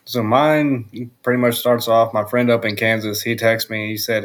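A man on a podcast, telling a story in a steady, matter-of-fact way. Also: medium pitch, moderate pace. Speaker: podcast guest. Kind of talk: casual storytelling.

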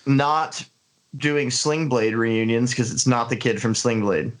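A man co-hosting a casual film review podcast, talking in an earnest, analytical way with frequent pauses and fillers. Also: medium pitch, fairly even intonation. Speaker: podcast co-host.

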